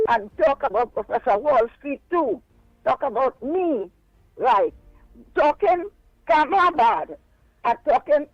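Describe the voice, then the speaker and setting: A woman's voice: fairly high pitch, no echo. An older woman with a Trinidadian accent calls in to a radio show, insistently repeating her questions. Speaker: caller. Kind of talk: call-in radio complaint. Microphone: telephone. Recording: muffled phone line.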